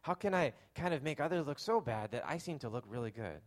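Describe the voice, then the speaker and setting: A man's voice: medium pitch, lively intonation, fast talker. A young adult man preaching a conversational sermon, joking and filling his talk with fillers. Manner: conversational, self-deprecating humor with lots of fillers. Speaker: pastor.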